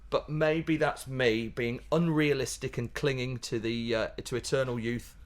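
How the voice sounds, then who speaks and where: A man chats as a guest in a relaxed interview, lively and quick to laugh. He keeps tripping into restarts and side comments, and his voice sits at an ordinary middle pitch. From Yorkshire, England. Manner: animated, laughing, many restarts. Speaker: pantomime comedian guest. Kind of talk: casual interview chat.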